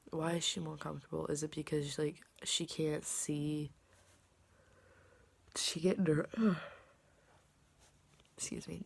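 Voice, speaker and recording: A young woman talking casually in a personal vlog, rambling with lots of fillers and sometimes dropping to a soft whisper. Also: sits low, vocal fry, husky. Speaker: vlogger.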